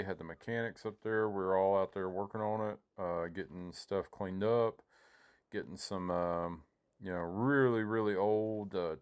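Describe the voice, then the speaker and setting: A man's voice: sits low, darkish tone, smooth. Rambling man recapping a game. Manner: rambling, self-interrupting, reenacts his own panicked thoughts. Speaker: gaming YouTuber. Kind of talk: casual gameplay commentary.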